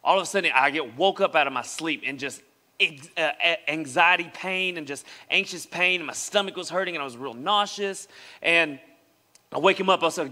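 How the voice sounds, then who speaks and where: Bright-voiced preacher in a church hall. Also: male voice, a little high, a little fast. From West Tennessee. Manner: animated storyteller acting out quoted voices. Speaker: pastor. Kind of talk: sermon storytelling. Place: church sanctuary. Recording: long reverb of a church hall.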